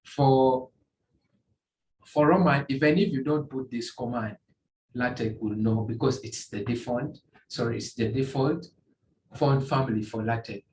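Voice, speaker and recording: A man's voice: medium pitch, a little mellow. Guy doing a screen tutorial, keeps restarting his sentences, echoey room with a bit of hiss. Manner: halting, repeats and restarts phrases, many fillers. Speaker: tutorial instructor. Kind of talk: screen-recorded coding tutorial. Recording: echoey room, faint ambient noise.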